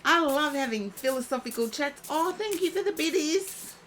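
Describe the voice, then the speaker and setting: A woman's voice: high voice, expressive, moderate pace, a bit bright, slight background noise. A woman giving a live-streamed oracle card reading, chatting and thinking aloud as she reads. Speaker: psychic card reader.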